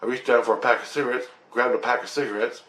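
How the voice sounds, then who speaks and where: A man telling a personal spiritual story in a rambling, excited way, swearing often and restarting his sentences. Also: mid-range voice, fast, reverberant. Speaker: vlogger recounting a spiritual experience.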